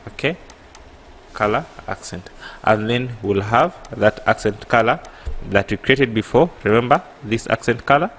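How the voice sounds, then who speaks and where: A man with an East African accent teaching an app coding tutorial, halting and correcting himself, often pausing with a rhetorical "what?". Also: lowish voice, fairly bright tone, a little hiss or hum. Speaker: programming tutor. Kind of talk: screen-recorded coding tutorial.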